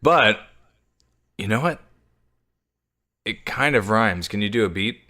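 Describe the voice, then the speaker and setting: Lower-voiced man in joking podcast chat. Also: animated, slow pace, pushed and bright. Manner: joking, self-deprecating, swears casually. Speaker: podcast co-host. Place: home, dog on the couch beside him.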